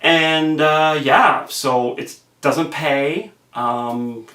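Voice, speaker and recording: A man's voice: on the high side, fairly even intonation, extremely slow, bright, forceful tone. A man giving a casual, rambling film review to camera, offhand and profane. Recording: roomy echo.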